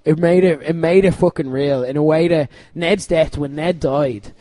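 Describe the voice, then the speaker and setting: A man hosting a podcast, talking in an animated, casual way and swearing freely. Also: fairly high pitch, moderate pace, no echo. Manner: animated, swearing, laughing often. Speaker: podcast host. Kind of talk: casual chat.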